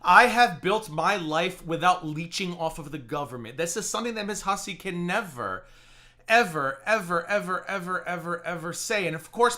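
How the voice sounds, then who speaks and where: A man's voice: high-pitched, animated, normal speed, pushed and bright. A man hosting a live reaction stream, talking in a sarcastic, mocking and exasperated way. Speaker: live-stream commentary host.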